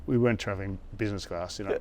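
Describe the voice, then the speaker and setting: Dry, quick older coach. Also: male voice, fairly low pitch, fairly even intonation, no echo. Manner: dry, matter-of-fact anecdotes. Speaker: veteran boxing coach, guest. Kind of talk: casual interview chat.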